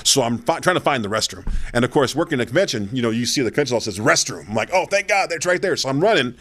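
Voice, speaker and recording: A man in the middle of his pitch range spins long, meandering stories for a podcast. He swears freely and leans on "you know" and "like" as he talks, keeping it loose and casual. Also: expressive, very fast, a bit bright, husky. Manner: rambling, profane, full of fillers and "you know". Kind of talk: casual storytelling chat.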